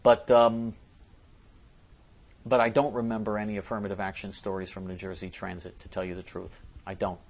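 A man's voice: lowish voice, little pitch movement, normal speed, darkish tone. Emphatic male talk show host. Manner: emphatic, repeats and restarts phrases. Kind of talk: reading listener messages aloud on a talk show.

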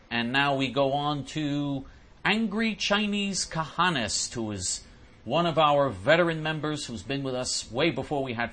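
Indignant, lively-voiced male host. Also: medium pitch. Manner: indignant, stammering repeats. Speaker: host answering listener questions. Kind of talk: ranting monologue.

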